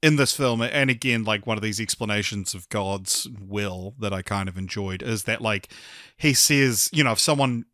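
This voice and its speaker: Podcast guy rambling about a movie, bright forceful voice, dry close mic. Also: fairly low pitch, moderate pace, dry recording. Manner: rambling, many fillers and restarts. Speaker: podcast co-host. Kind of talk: casual film review chat.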